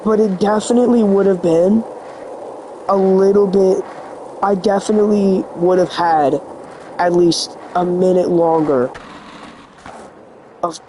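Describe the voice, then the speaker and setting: A man's voice: high-pitched, fairly even intonation, unhurried, pauses often, mellow, slight background noise, poor audio. A teenage boy vlogging in an earnest, rambling way, full of "like" fillers, his voice slightly sick and cracking. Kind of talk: confessional vlog talk.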